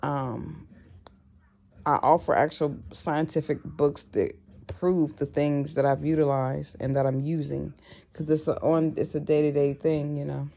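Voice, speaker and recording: A woman speaks straight to her viewers in a loose, personal vlog. Her voice carries a lot of vocal fry and gravel. She is frank and profane and drops in slangy asides. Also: low voice, flat delivery, measured pace, mellow. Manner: acts out other people's voices in her stories. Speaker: vlogger. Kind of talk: casual personal vlog monologue.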